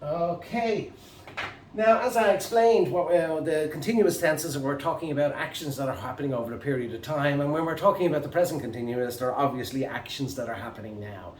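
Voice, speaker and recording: A man with an Irish accent, teaching an English grammar lesson to camera, halting and full of fillers and restarts. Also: a little high, a little hiss or hum. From Ireland. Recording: echoey room, mic at a distance.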